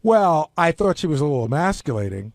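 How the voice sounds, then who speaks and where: Male producer type, skeptical, interrupts, slightly high pitch. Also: big pitch swings, fairly quick, a little mellow, no echo, studio quality. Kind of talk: radio studio chat.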